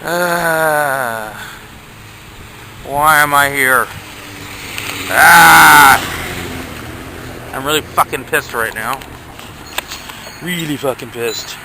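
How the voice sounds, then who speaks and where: A man's voice: mid-range voice, takes it slowly, pauses often, heavy background noise. A young man ranting to his camera outdoors, profane and agitated, filmed on a handheld phone. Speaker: vlogger. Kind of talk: casual rant to camera.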